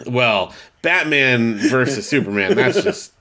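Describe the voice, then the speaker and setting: A man in casual podcast chat, talking in a middling voice and wandering off track as he goes. He stops and corrects himself often, and he reads listener letters out loud. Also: medium pitch, expressive, slow. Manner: rambling, self-correcting, reads listener mail aloud. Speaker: podcast co-host.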